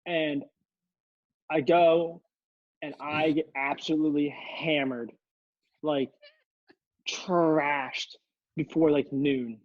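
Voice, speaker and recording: A young man with a fairly high voice tells a rambling, laughing story on a podcast, restarting his sentences often. His mic sounds dry and a little dull. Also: fairly even intonation, slow pace, pauses often, no room sound. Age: young adult. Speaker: podcast co-host. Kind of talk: casual storytelling chat.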